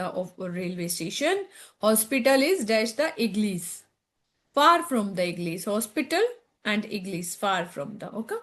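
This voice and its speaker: A woman with an Indian English accent teaching French from a textbook, reading each line aloud and then translating it into English, checking in with "okay?" as she goes. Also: high-pitched. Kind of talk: textbook lesson walkthrough.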